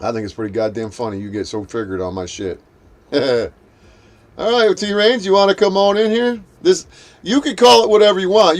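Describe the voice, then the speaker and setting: A man's voice: mid-range voice, expressive, normal speed. A man hosting a live stream, ranting at a rival and at trolls in a profane, confrontational, mocking way while greeting his chat. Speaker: livestream host.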